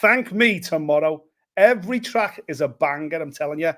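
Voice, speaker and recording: A man's voice: fairly high pitch, lively intonation, normal speed, a bit bright. A man with a Scouse accent co-hosting a live show, trading jokey, teasing banter. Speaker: co-host. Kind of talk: casual live show chat.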